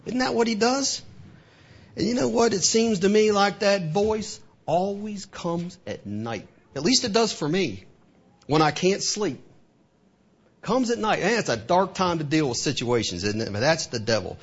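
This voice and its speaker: A man's voice: sits high, lively intonation, normal speed, husky. A man preaching a sermon, asking rhetorical questions and acting out the devil's taunts. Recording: dull lo-fi recording.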